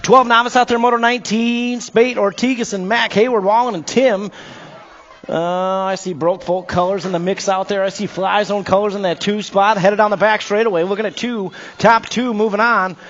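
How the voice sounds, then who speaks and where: A man calls BMX races live from a tower at an outdoor track, energetic and full of playful nicknames for the riders. His voice sits high. The recording sounds a little dull and muffled. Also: moderate pace. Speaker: BMX race track announcer. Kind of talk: live race commentary.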